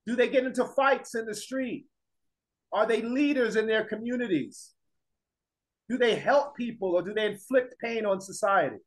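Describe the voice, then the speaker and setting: High-voiced man lecturing a class. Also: normal speed, low-quality recording. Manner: emphatic, repeats points, fires rhetorical questions at the class. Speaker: teacher.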